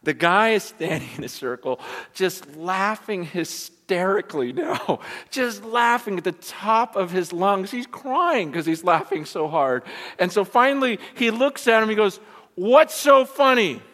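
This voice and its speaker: A male pastor preaching a sermon in a church, self-deprecating and animated, often repeating words as he goes. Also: high voice, a little slow. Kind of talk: sermon with a joke. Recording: long church reverb.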